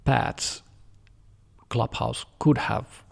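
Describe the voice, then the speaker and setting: A man musing in a casual chat about social audio apps, measured and thoughtful with frequent fillers. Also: mid-range voice, steady tone, vocal fry, husky, long reverb tail.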